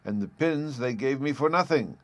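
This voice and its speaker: A man's voice: mid-range voice, lively intonation, moderate pace, dry recording, pitched above the performer's own voice, lightly acted. A man voicing a cheerful, fussy old male professor with a gleeful manner.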